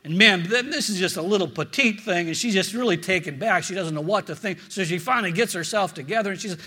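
A man preaching a sermon as a pastor, earnest and storytelling, often repeating words and dropping low and quiet for prayers. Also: fast, few pauses, husky.

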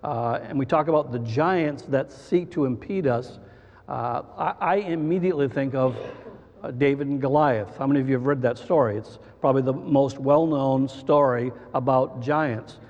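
A man preaching a sermon as pastor, halting, with frequent fillers and restarts. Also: medium pitch, a little mellow. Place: church sanctuary. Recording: muffled church hall with long reverb.

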